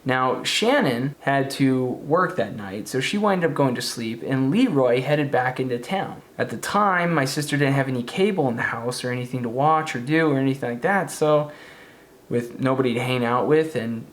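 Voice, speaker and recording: A man's voice: medium pitch, moderate pace. A man casually narrating a spooky true story, now and then acting out the voices of the people in it. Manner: casual, conversational, acts out quoted voices.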